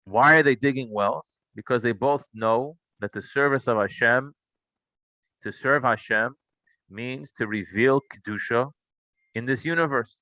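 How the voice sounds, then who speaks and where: A man's voice: medium pitch, unhurried, no room sound, dull audio. A man teaching a Torah class, telling stories and asking rhetorical questions. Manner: animated storytelling, asks rhetorical questions.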